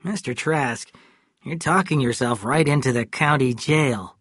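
A man's voice: medium pitch, unhurried, fairly bright tone, breathy edge, no echo, studio quality. A man voicing a stern young deputy sheriff who presses firm questions. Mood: stern, pressing.

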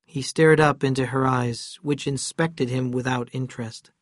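A man reading a novel aloud in calm, measured scripted narration. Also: mid-range voice, no echo, studio quality. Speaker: audiobook narrator.

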